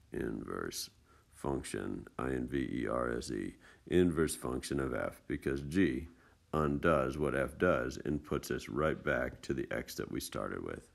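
A man teaching math in a casual screencast lesson, explaining steps in a relaxed, chatty way with folksy asides. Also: very deep voice, measured pace, vocal fry. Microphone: tablet screencast mic.

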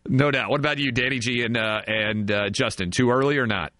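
A man's voice: mid-range voice, fairly quick, sharp tone, no room sound. A man hosting a sports talk radio show, riffing sarcastically and in mock outrage.

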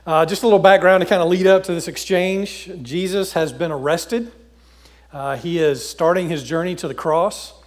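A man preaching in a loose, conversational style, full of little fillers and restarts as he retells scripture. His voice sits a touch higher than most men's. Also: fairly even intonation, normal speed. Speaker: pastor. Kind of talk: casual sermon with scripture reading.

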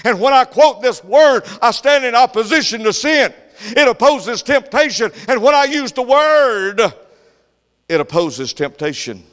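An older man preaching a sermon as pastor, swinging from loud, fervent delivery to soft whispers. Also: very high voice, lively intonation, unhurried, in a large hall.

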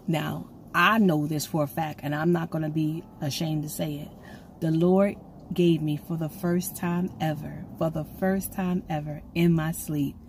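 A woman giving an excitable, rambling prophetic message to her viewers, recorded on her own camera at home. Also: sits low, slight background noise. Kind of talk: casual prophetic video message. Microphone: camera she sets up herself.

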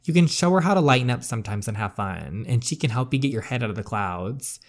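A man reading as a soft, doting mom. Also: medium pitch, expressive, fast, close to an everyday voice. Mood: coaxing. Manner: soft, fond. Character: gentle, caring middle-aged mother. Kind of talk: reading a story game aloud.

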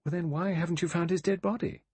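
A man voicing a frightened young woman in an audiobook, lifting his pitch and pleading anxiously. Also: fairly even intonation, fast, darkish tone, breathy edge, no room sound. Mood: challenging. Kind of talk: audiobook character voice.

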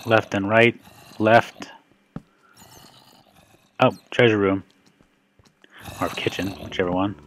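A man with a fairly low voice talks his way through a video game, rambling and cracking jokes. He often restarts his sentences, and a faint hum of noise sits under his voice. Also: steady tone, slow, long pauses, fairly bright tone. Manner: rambling, joking, self-interrupting. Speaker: gaming video host. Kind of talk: casual gameplay commentary.

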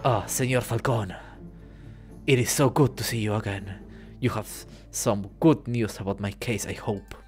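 A man voicing a sly male fox detective who poses as a prince, speaking smoothly, quietly and theatrically. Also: lowish voice, steady tone, normal speed, faint music behind, lightly acted.

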